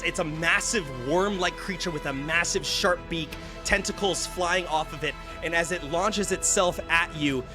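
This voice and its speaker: A man running a tabletop game as game master, narrating a horror scene in vivid detail, often hushed, with fillers. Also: a little high. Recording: music underneath.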